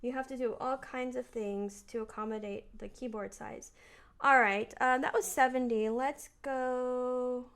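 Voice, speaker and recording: A woman piano teacher talking through her practice in a relaxed, chatty way, thinking aloud as she plays. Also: high-pitched, measured pace, smooth. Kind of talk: casual piano practice lesson. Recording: voice over loud piano playing. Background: piano playing.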